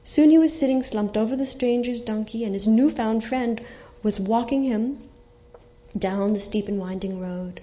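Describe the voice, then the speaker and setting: A woman reading a story aloud in an expressive, dramatic way, on a muffled lo-fi recording. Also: a little high, normal speed.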